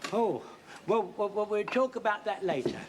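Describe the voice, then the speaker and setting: An actor playing an excitable older home guard corporal who rambles and trips over his words, in a 1970s sitcom. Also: high voice, moderate pace, noisy background, natural voice. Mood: fussy.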